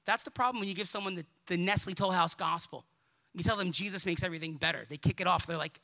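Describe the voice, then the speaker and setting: A man preaching a sermon in a strikingly high, sharp and piercing voice. He delivers it with lively energy, slipping into character voices for his stories and climbing to shouts at his strongest points. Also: fast talker. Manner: animated, acts out quoted voices, builds to shouts.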